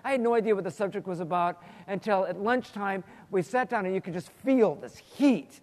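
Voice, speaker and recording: A man's voice: high voice, moderate pace, hardly any pauses. A man teaching the Bible in an earnest, storytelling way, often repeating words as he thinks, in a large hall. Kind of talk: Bible teaching with prayer and stories. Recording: long hall reverb.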